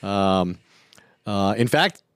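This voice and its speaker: A man co-hosting a sports podcast as a reporter, speaking in a measured, informed way and adding inside details. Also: on the low side, expressive, smooth, no echo, clean studio sound. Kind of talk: casual sports podcast chat.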